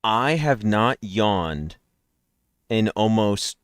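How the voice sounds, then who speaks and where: A man's voice: fairly low pitch, animated, moderate pace, dry recording, clean studio sound. A man streaming daily guessing games, chatting and rambling nonstop to his viewers through a headset mic while yawning. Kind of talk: casual live-stream chat.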